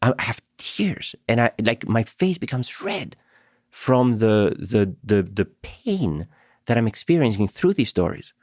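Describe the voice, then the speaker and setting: A man's voice: mid-range voice, big pitch swings, measured pace, a little mellow, no room sound, studio quality. A middle-aged man from Greece, a professor guest on a podcast, telling stories animatedly, laughing often and repeating words as he starts. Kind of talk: conversational podcast interview.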